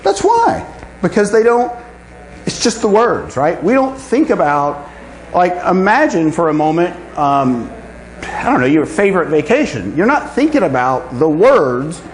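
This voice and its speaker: A man giving a live talk to a conference audience, animated and often checking in with "right?". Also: high voice, unhurried. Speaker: conference speaker. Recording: echoey room with faint hum.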